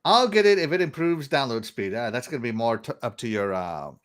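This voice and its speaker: A man's voice: mid-range voice, expressive, a little fast, a bit bright. A middle-aged man from Texas hosting a casual gaming podcast, rambling and laughing as he reads out viewer comments. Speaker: podcast host.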